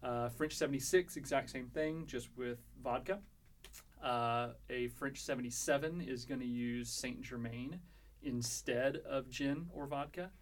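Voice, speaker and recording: A man's voice: medium pitch, unhurried. A man co-hosting a casual podcast, explaining cocktail recipes step by step with lots of fillers and restarts. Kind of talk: casual chat.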